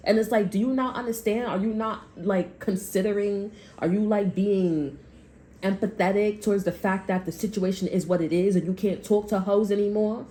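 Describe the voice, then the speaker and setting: This tarot reader speaks at medium pitch with fairly even intonation, a normal pace, and a dark tone. Her casual reading rambles, full of "like," with blunt, heated remarks and frequent swearing.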